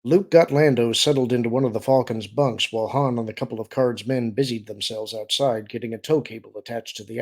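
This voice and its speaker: A man reading a novel aloud in a steady, measured storytelling manner. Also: medium pitch, gravelly, breathy edge. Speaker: audiobook reader. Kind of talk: audiobook narration.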